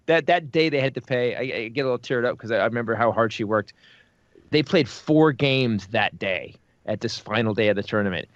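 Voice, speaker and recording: A man on a podcast, telling profane, animated stories in casual chat. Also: mid-range voice, no room sound, highs cut off. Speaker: podcast host.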